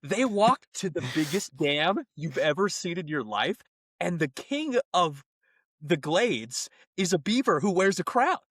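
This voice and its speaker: A young man telling a story in an animated way on a casual podcast, breaking into laughter as he goes. His voice sits a little high and swings widely in pitch. The recording is dry and close. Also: unhurried, dry recording. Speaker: podcast co-host. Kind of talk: casual chat.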